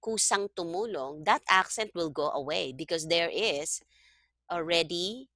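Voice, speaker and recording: Over a video call, a woman tutors a student one-on-one in Tagalog, patiently checking comprehension with a frequent "okay?" Her lowish voice is bright and forceful, unhurried in pace, captured in clean, dry studio sound.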